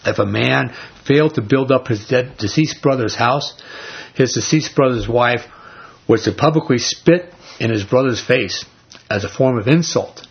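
A man with a very husky, raspy voice leads a casual Bible study, retelling scripture in plain everyday words and putting questions to his listeners. His pitch sits in an ordinary middle range. The recording is dull and lo-fi. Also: moderate pace. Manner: conversational, asks the group rhetorical questions. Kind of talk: informal Bible study teaching.

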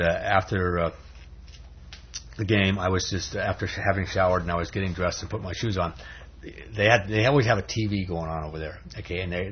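A man's voice: on the low side, breathy edge. A man preaching a sermon in a loose, conversational storytelling manner, on a dull lo-fi recording.

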